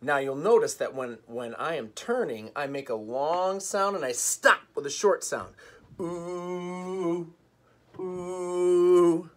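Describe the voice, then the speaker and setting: A man teaching an online music lesson for children, patient and clear, leading rhythm chants and songs. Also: mid-range voice, sing-song, bright, forceful tone. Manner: slow, patient, sings and chants rhythm games.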